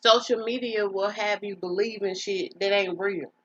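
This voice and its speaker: In casual podcast chat, this female co-host tells lively stories, performing the voices of the people in them. She speaks at medium pitch and normal speed, and the recording sounds muffled.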